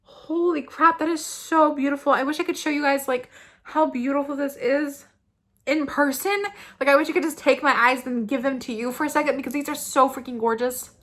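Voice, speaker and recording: Young female vlogger, gushing and gasping, fairly high, bright voice. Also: brisk. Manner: gushing, gasping, breathless excitement. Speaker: beauty vlogger. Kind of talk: excited unboxing chat.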